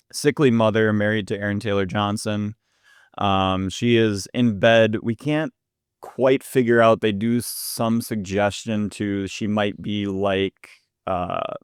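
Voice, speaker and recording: Low-voiced man casually recapping a film. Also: clean tone, no room sound, studio quality. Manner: relaxed, recaps plot with many fillers. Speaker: podcast co-host. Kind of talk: casual film review chat.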